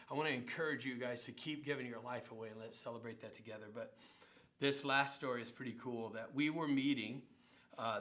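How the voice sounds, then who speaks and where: A middle-aged male pastor telling stories in a sermon, animated and acting out the people he quotes. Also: mid-range voice. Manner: animated storyteller, acts out quotes and sounds. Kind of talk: sermon storytelling.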